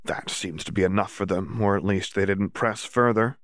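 A man's voice: deep voice, moderate pace, no room sound, clean studio sound. A man narrating a fan fiction audiobook, reading the story and shifting his voice a little for each character.

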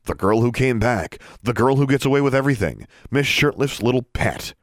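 A man's voice: mid-range voice, lively intonation, a little fast, dry recording, clean studio sound, voice pushed up, close to an everyday voice. A man voicing a contemptuous teenage wizard bully who taunts with mocking scorn in a storybook reading. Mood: sneering.

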